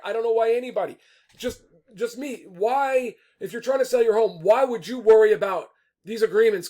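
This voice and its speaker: A man talking casually and off the cuff as an attorney and broker, animated and rambling, often stopping short and restarting. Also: high voice. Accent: Californian English. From California. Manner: animated, rambling, self-interrupting. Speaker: attorney and real estate broker. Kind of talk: casual off-the-cuff video talk.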